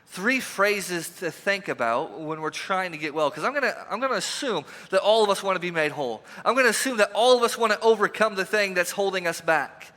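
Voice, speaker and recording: A pastor giving a conversational, emphatic sermon, asking the congregation repeated questions, recorded in a church sanctuary. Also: male voice, sits high, expressive, brisk, hardly any pauses, bright, forceful tone. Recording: reverberant church hall.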